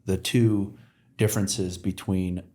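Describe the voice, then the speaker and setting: A man's voice: low-pitched, flat delivery, slow, warm tone. A man talking as a podcast guest, telling stories in a rambling way with many fillers and restarts. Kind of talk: casual conversation. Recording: roomy echo.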